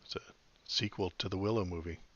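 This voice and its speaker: A man's voice: low voice, steady tone, quick pace, no room sound, muffled recording. A man hosting a podcast in casual chat, rambling and wry with lots of fillers. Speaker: podcast host.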